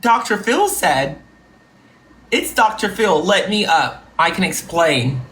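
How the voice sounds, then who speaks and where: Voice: medium pitch, animated, takes it slowly, fairly bright tone, poor audio. Boastful live stream host. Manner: boastful, thanks viewers for gifts by name. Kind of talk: casual live stream chat.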